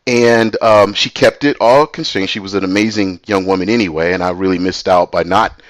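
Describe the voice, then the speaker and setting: Male storyteller, middle-aged, casual and animated, close dry read. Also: sits low, brisk, dry recording. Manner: animated, voices other people in quotes.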